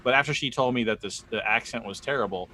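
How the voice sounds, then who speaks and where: A man's voice: mid-range voice, quick pace, sharp tone, slight background noise. An American man co-hosting a live podcast, chatting casually in a rambling way with lots of restarts and fillers. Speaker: podcast co-host. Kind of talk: casual live-stream chat.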